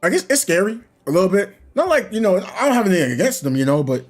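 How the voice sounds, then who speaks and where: A man's voice: sits high, big pitch swings, fast, faint music behind. A young man, chatting casually and animatedly about online gaming, laughing often and using slang. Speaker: gaming streamer. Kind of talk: casual chat.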